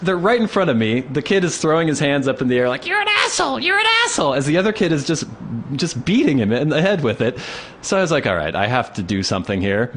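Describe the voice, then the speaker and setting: A man co-hosting a casual podcast, spinning a funny anecdote. His pitch swings widely as he acts out the people in his story. His voice sits at an ordinary middle pitch for a man. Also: fast talker, slight background noise. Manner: animated storyteller acting out quoted voices. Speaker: podcast co-host. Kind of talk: casual chat, comic storytelling. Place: Pacific Northwest town.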